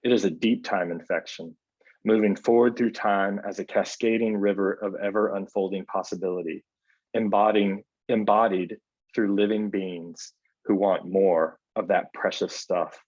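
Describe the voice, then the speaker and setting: A soft-spoken man with a lowish voice hosts a book club over a video call, pausing often as he talks and then reading a passage aloud. The audio is dry and dull, with a lo-fi edge. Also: steady tone, dry recording. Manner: soft-spoken and unhurried, with frequent hesitations. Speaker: book editor hosting a book club.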